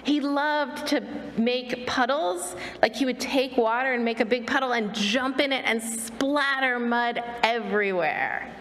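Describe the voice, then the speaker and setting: A woman telling a children's story at a church service, gently animated and asking her listeners questions. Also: on the high side, unhurried, long reverb tail, slight background noise.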